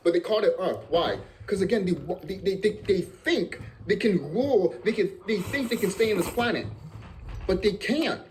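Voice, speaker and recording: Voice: mid-range voice, animated, moderate pace, a little mellow, low-quality recording. A vlogger delivering a profane, emphatic ranting monologue and repeating phrases for emphasis. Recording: clear background noise.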